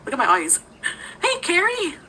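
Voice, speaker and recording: A woman's voice: very high-pitched, wildly swooping pitch, moderate pace, pushed and bright, slight background noise, low-quality recording. A woman talking casually on a livestream, greeting viewers by name and giggling often.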